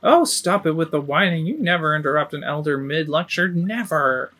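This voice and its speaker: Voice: medium pitch, lively intonation, moderate pace, bright, forceful tone. A game streamer voicing a cranky, bossy old tribal elder woman who lectures and scolds. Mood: scolding.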